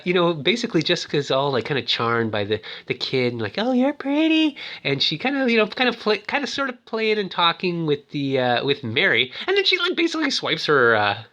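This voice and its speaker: A man's voice: fairly high pitch, pushed and bright. A man casually recapping a film, rambling and chatty, and acting out the characters' lines as he goes. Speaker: movie recap host.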